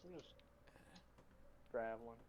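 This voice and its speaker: A man's voice: mid-range voice, unhurried, darkish tone, muffled recording, slight background noise. A man playing a character in a tabletop game, answering in a flippant, evasive way. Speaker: player.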